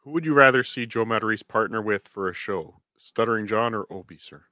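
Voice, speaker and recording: A man's voice: on the low side, brisk, bright, forceful tone, no room sound, studio quality, pitched below the performer's own voice. A man voicing a deferential male sidekick who answers the host formally and keeps calling him sir.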